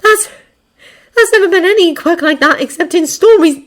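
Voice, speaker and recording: A woman doing a soft-spoken teenage girl. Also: sits high, animated, fairly quick, pitched above the performer's own voice. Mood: uneasy. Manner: murmuring, shaken.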